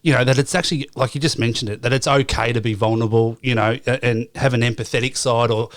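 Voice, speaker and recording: A man's voice: medium pitch, fairly even intonation, fast. A man hosting an interview and asking long, supportive questions. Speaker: podcast host.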